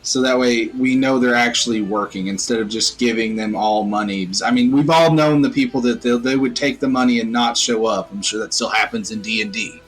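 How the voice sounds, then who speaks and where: A man's voice: mid-range voice, fairly quick, hardly any pauses, fairly bright tone, low-quality recording. A man playing in a tabletop role-playing game over a voice call, rambling with lots of filler words, with faint music in the background. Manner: rambling, many fillers like "like" and "stuff". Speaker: player.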